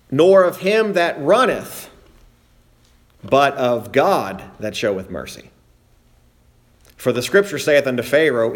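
Emphatic male preacher delivering a sermon. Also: mid-range voice. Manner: emphatic preaching, repeating phrases for stress, slowing down on key points; reads scripture aloud in King James wording.

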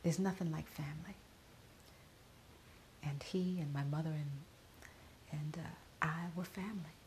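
A middle-aged woman podcaster giving a personal spoken reflection while grieving, often dropping to a soft whisper. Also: low-pitched, steady tone, measured pace, a little hiss or hum.

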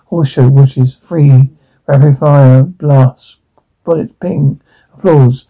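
A man reading a transcript aloud, slow and halting, stumbling over words. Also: medium pitch, mellow, rough recording. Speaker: reader.

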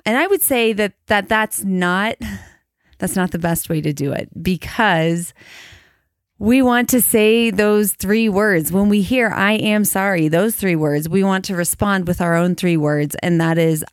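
A middle-aged woman co-hosting a podcast conversation, speaking earnestly and reflectively, slowing down on key phrases. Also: mid-range voice, clear, resonant tone, dry recording, clean studio sound. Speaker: podcast co-host. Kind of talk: casual conversation.

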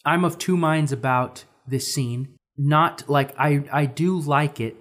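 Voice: mid-range voice, slow pace. A podcast co-host in casual chat, rambling and searching for words as they talk.

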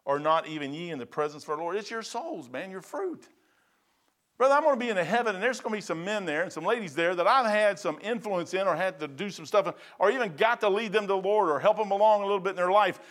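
A man's voice: sits high, lively intonation, fast talker, a bit bright. A middle-aged man preaching a folksy, conversational sermon full of asides as a pastor.

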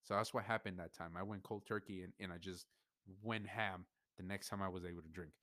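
Young male podcast host, low voice, dry close sound, emotional venting, swears and restarts often. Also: steady tone, fairly quick, bright, forceful tone, no echo. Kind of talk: personal venting monologue.

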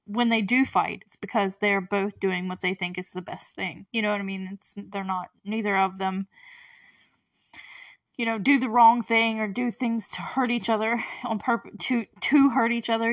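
A woman's voice: medium pitch, no room sound, far from the mic. A woman hosting a casual solo podcast, chatty and effusive, laughing often as she recaps a show. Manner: chatty and effusive, laughs often, quotes characters in brief put-on voices.

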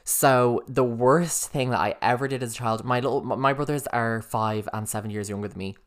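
A young Irish man co-hosts a podcast, chatting casually and telling stories while swearing freely. His voice is medium-pitched with fairly even intonation and a slightly fast pace.

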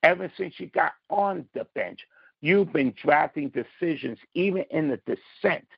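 A man's voice: fairly high pitch, lively intonation, measured pace, gravelly, husky, no room sound, highs cut off. A man calling in to a political podcast, talking in a combative, emphatic way and stressing his words. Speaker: caller. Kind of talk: call-in political commentary.

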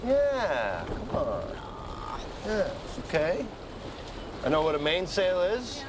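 A man's voice: high voice, huge pitch swings, background noise, heavily acted. An actor playing a dim, goofy young man learning to sail, joking and whining when scolded. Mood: sheepish. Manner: slow-witted, joking, whiny when scolded. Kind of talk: sitcom acting.

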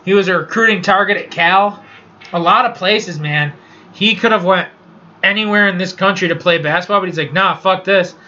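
Dude ranting about sports, swears a ton, high bright voice, kinda dull lo-fi sound. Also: male voice, a little fast, a little hiss or hum. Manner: profane, rambling sports rant. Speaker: podcast host. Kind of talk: casual solo sports podcast. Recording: dull lo-fi recording.

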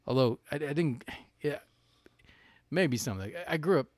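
A man's voice: fairly high pitch, animated, normal speed, dry recording. A man from North Carolina co-hosting a podcast in casual chat, rambling with lots of "like" and "you know" and laughing easily. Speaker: podcast co-host.

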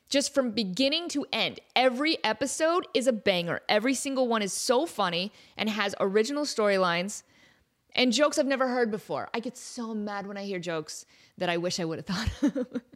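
A chatty woman in her thirties hosts a comedy podcast, rambling through a story with lively energy. Her voice sits a bit high for a woman, and she keeps dropping into goofy put-on voices when she quotes people. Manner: chatty, animated, slips into silly voices for quotes. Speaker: podcast host. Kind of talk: casual comedic monologue.

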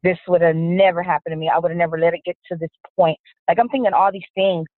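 A woman, a guest telling her own story in an interview, frank and steady, with many fillers. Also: on the low side, quick pace, no echo. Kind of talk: personal testimony interview. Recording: dry, tinny phone-line sound.

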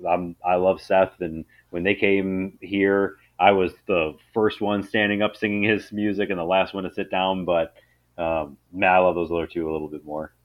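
Male podcast co-host, very deep voice, playful and enthusiastic, dull lo-fi recording. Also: level tone, moderate pace. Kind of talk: casual chat.

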